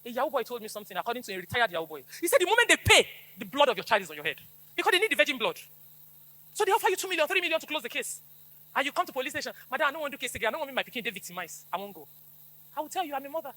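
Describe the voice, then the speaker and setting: A middle-aged Nigerian-accented woman, a police officer, drills schoolchildren with slogans in a fast, emphatic call-and-response. Her voice is bright and forceful, swinging widely in pitch, and it sounds dry and close. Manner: emphatic, preachy, repeats slogans for the crowd to echo.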